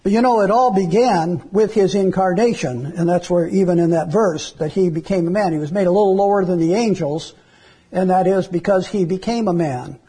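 A man's voice: high-pitched, moderate pace, dark tone, breathy edge. A man preaching an Easter sermon as pastor, reading scripture verses and explaining them in an earnest preaching manner.

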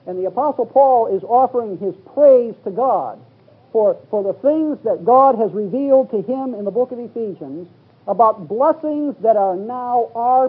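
This man's voice sits high and sounds slightly rough as he preaches a Bible teaching sermon, reading scripture aloud and unpacking it verse by verse. He uses King James wording and rises to exclaim. The recording is lo-fi and phone-like.

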